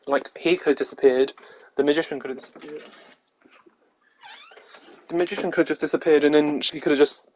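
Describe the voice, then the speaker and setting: A hoarse male streamer chatting casually, laughing now and then as he talks. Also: a little high, slight background noise. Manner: chatty, laughs between sentences. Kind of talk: casual gaming stream chat.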